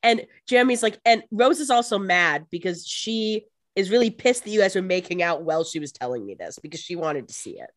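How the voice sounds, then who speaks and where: A woman co-hosting a casual podcast, throwing in quick jokes and asides. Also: lowish voice, expressive, no echo, clean studio sound. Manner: joking asides, quick quips. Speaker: podcast co-host. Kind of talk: casual chat.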